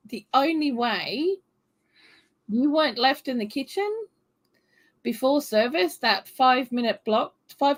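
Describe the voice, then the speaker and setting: A woman co-hosts a casual chat over a video call. She speaks in a relaxed, emphatic way and laughs readily. Her voice sits a little higher than most women's. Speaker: co-host chef.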